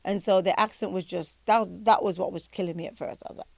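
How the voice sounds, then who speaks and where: Older English-accented woman, lively storyteller, dry close sound, easy to cast as a guest reminiscing. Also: medium pitch, quick pace, creaky, no room sound. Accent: British. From England. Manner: animated storytelling, laughs often. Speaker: podcast guest, pastor. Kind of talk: casual chat.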